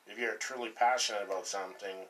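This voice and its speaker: A man's voice: on the low side, steady tone, fast. Podcast co-host, man from Colorado, rambling casual storyteller, swears easily, a little off-mic. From Colorado, USA. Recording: distant mic, faint background noise.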